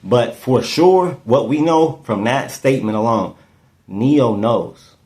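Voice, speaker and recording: A man's voice: mid-range voice, slow, a little mellow. Man musing aloud on a case podcast. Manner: repeats and restarts words often, thinking aloud. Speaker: podcast host. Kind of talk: casual true-crime commentary.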